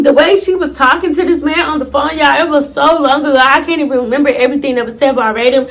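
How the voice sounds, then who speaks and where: Young woman, high voice; casual, dramatic storyteller who talks straight to viewers. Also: fast talker, few pauses. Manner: animated, profane, dramatic retelling with asides to viewers. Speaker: storytime YouTuber.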